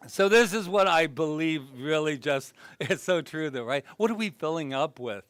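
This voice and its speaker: Animated, joking male minister with a higher voice. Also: normal speed, few pauses, dry recording. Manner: humorous, self-deprecating storytelling; animated, swings between loud and hushed. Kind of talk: conversational sermon.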